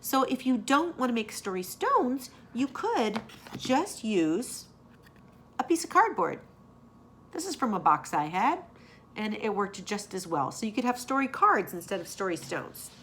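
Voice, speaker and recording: Lady teacher talking to little kids, slow, sing-songy ups and downs. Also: a little high, a little hiss or hum. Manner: warm, animated, drawn-out delivery for kids. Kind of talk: storytelling and craft lesson for children.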